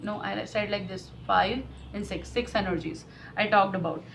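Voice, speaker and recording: A woman's voice: mid-range voice, steady tone, normal speed, vocal fry, a bit bright, slight background noise, rough recording. A woman giving an emotional, repetitive tarot reading to camera. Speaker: tarot reader.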